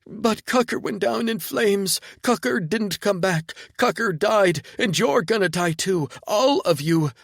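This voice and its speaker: A man voicing a frantic young woman spy who is high on pills, squeaky and wheezing in an audiobook. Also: lively intonation, unhurried, creaky, few pauses, dry recording, clean studio sound, heavily acted. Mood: hysterical.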